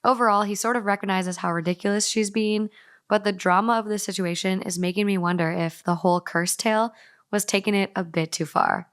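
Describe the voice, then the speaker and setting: A woman co-hosting a casual podcast, reading a story aloud in a brisk, playful way. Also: medium pitch, steady tone, clear, resonant tone, no echo, clean studio sound. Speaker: podcast co-host.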